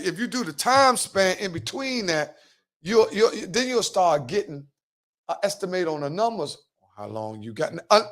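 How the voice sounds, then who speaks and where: A man's voice: high-pitched, fairly bright tone. A middle-aged man from Washington DC with a DC accent, hosting a podcast and telling stories in emphatic, slangy street talk. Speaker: podcast host.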